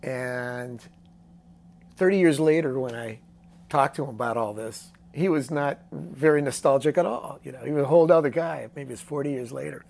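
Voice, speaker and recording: Older male songwriter guest with a gravelly voice, animated storyteller who acts out the people he quotes. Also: medium pitch, moderate pace. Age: 60s. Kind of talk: casual storytelling interview.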